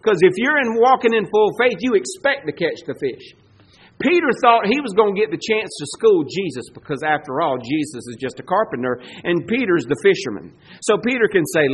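A man preaching a sermon, swinging between loud emphatic bursts and low, slow passages. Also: big pitch swings, breathy edge, rough recording. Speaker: pastor.

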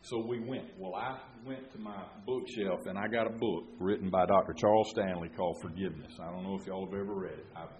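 This older man preaches in storytelling form, folksy and rambling before rising loud and fervent. His low voice is brisk with few pauses and fairly even intonation. A distant mic gives a roomy, dull sound.

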